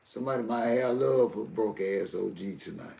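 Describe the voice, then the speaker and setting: Gravelly man on a live stream. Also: lowish voice, moderate pace, mellow, echoey room. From Southern US. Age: older. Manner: heated, preachy, addresses chat directly. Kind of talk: emotional live stream talk.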